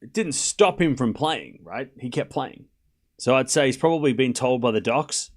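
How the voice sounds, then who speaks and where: A man's voice: mid-range voice, lively intonation, normal speed. A young Australian man giving casual, self-deprecating live tennis commentary to his stream chat.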